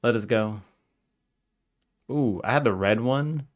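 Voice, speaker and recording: A man streams a game with casual let's-play commentary, excitable and yelling at the characters in mock outrage. His voice sits at a medium pitch, and he speaks slowly.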